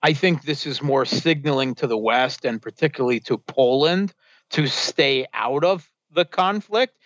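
Man giving measured political commentary over dull audio. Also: mid-range voice, fairly bright tone, no echo. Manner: measured, with frequent fillers and restarts. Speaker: guest analyst. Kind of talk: political commentary on a talk show.

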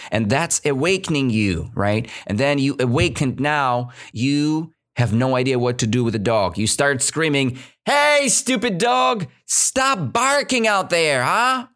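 A man's voice: mid-range voice, a little slow, few pauses. A man teaching English vocabulary in a casual lesson, asking questions and tagging sentences with "right?", with non-native grammar. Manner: animated, asks many questions, says "right?" often. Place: indoors, drinking coffee at the mic.

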